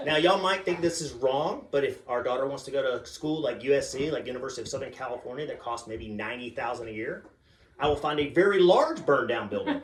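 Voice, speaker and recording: A man doing stand-up, telling family stories with deadpan punchlines. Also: mid-range voice, fast talker, recorded from a distance, crowd noise. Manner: deadpan punchlines, acts out a chanting child. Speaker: stand-up comedian. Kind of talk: stand-up storytelling. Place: comedy club stage with audience. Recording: roomy stage sound, a bit off-mic.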